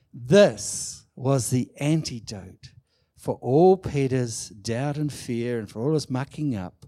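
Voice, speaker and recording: A man preaching a sermon, emphatic and animated, acting out quoted lines. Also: on the high side, slow pace, no echo, studio quality. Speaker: pastor.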